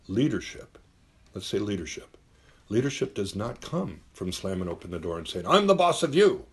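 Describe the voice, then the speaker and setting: A man's voice: low-pitched, husky. A middle-aged man hosting a talk show, giving blunt, emphatic advice with plenty of swearing and acted-out quotes. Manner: acts out quoted voices. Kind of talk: casual advice monologue.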